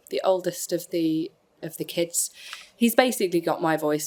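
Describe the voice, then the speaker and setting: A woman in her thirties with a mild West Midlands accent, a stage actor describing herself matter-of-factly for an audio introduction. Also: deep voice. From England. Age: 30s.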